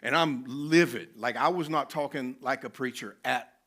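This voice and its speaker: A man's voice: mid-range voice, normal speed, a bit bright. A man, telling a personal story animatedly as a conference speaker. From North Carolina, US. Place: conference venue.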